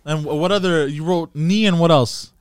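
A man co-hosting a podcast, retelling a story with animated bursts of laughter. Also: a little high, moderate pace, smooth, no room sound, studio quality. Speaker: podcast co-host. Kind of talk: casual podcast banter.

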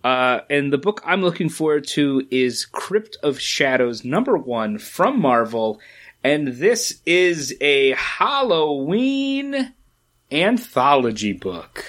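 A man's voice: fairly high pitch, sing-song, takes it slowly, fairly bright tone. A man with a lingering cough, co-hosting a casual podcast chat about comic books and rambling with fillers. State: coughing, getting over a cold. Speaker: podcast co-host.

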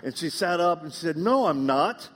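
A man's voice: fairly high pitch, lively intonation, moderate pace, fairly bright tone, long reverb tail. A man with a Southern US accent preaching a live sermon, telling funny stories and acting out dialogue. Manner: humorous storytelling, acts out dialogue. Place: church.

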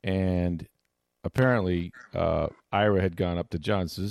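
A man hosting a sports talk show, telling a lively anecdote and slipping into impressions of other people. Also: low-pitched, moderate pace, gravelly, no echo, clean studio sound. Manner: animated anecdote teller, mimics others' voices. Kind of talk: casual storytelling chat.

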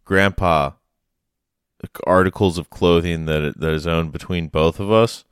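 A man co-hosting a podcast, chatting casually and making absurd deadpan jokes. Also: low voice, measured pace, clear, resonant tone, no echo, clean studio sound. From United States. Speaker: podcast co-host. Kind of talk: casual chat.

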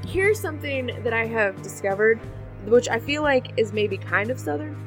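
A woman's voice: a little high, lively intonation, normal speed, over music. A woman playing on a tabletop game podcast, chatting casually and rambling with some hesitation. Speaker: podcast player. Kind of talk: casual chat.

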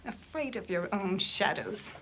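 A woman's voice: medium pitch, lively intonation, measured pace, a bit bright. An actress in a film clip playing a woman who berates a crowd of cowardly townsmen with contempt. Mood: scornful. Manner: contemptuous, scolding. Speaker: film character in a played clip.

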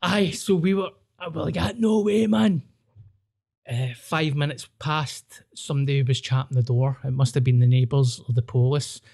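A Scottish man with a Glaswegian accent, hosting a podcast and telling a wild story in an animated, sweary way, acting out voices. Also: mid-range voice, moderate pace, hardly any pauses. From Scotland. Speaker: podcast host. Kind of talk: casual storytelling chat.

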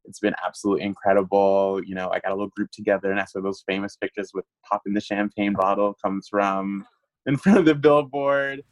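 A man being interviewed, telling a long story in an animated way, laughing often and using lots of fillers. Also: lowish voice, a little fast, dry recording, low-quality recording. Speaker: guest. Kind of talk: casual interview chat.

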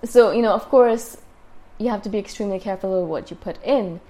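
A woman's voice: mid-range voice, brisk, dark tone. A woman hosting her own podcast, talking casually and rambling with lots of fillers and restarts. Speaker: podcast host. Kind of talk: casual solo talk. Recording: solo podcast.

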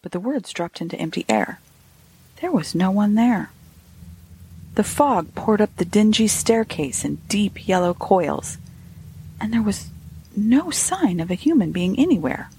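Expressive woman narrating a ghost story. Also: medium pitch, a little hiss or hum. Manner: expressive, lively storytelling with soft asides. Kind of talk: audiobook reading of a classic ghost story.

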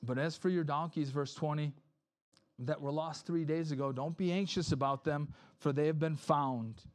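A pastor preaching a conversational sermon, acting out quoted voices, often asking "right?" and restarting sentences. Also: male voice, a little high, fairly even intonation, moderate pace.

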